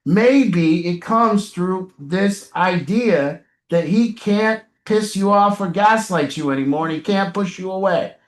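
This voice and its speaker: A man's voice: sits high, takes it slowly, few pauses. A man leading a recovery group session, coaching members in a blunt, emphatic way with casual swearing. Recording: roomy echo.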